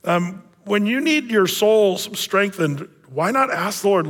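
Man, pastor, conversational sermon, fillers and restarts, somewhat high voice, long hall echo. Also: lively intonation, normal speed, a bit bright. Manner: conversational preaching with frequent fillers.

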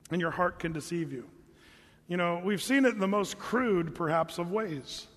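Brief: male pastor, high tenor, chatty sermon delivery, hall reverb. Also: normal speed, fairly bright tone. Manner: conversational preacher, mimics hearers in a higher voice.

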